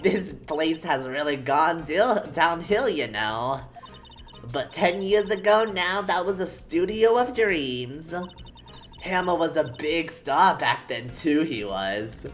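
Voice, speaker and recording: A woman's voice: low voice, lively intonation, takes it slowly, soft background music, voice pushed up. Wendy Oldbag, a woman doing a cranky old guard. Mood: reminiscing. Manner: scolding, rambling, nagging. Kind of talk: game dialogue read aloud.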